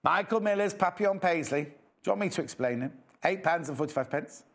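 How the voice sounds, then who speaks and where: A man's voice: on the high side, expressive, fast talker. A man from England presenting a live sewing shopping show, chatty and enthusiastic with self-mocking asides. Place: TV studio.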